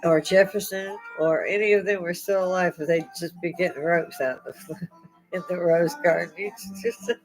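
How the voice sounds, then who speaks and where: A woman's voice: lowish voice, fairly even intonation, normal speed, faint music behind, low-quality recording. A middle-aged woman talking casually to her viewers. She is in pain and close to tears, but keeps laughing and cracking wry, irreverent jokes. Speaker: vlogger hosting her own channel. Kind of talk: casual rambling chat to viewers.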